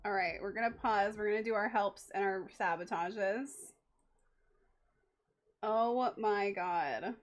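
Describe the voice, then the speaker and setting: A young adult woman streaming a game live, reacting excitably, laughing often and talking to her chat. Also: mid-range voice, takes it slowly, long pauses, lo-fi sound.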